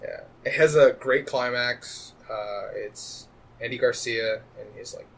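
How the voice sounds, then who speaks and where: A man's voice: medium pitch, unhurried. A man co-hosting a podcast, chatting casually and rambling with frequent restarts. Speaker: podcast co-host. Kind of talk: casual chat.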